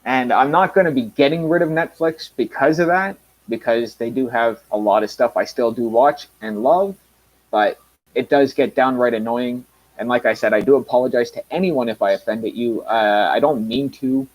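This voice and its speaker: A man's voice: mid-range voice, moderate pace, low-quality recording. A Canadian man with a mild Canadian accent talking casually to his viewers, rambling with lots of ums, restarts and blunt remarks. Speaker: reviewer.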